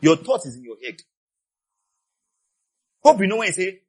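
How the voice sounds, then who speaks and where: A man preaching a sermon with passion. He swings between quiet asides and shouted peaks, and he repeats key phrases for emphasis. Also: sits high, lively intonation, moderate pace, husky. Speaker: pastor.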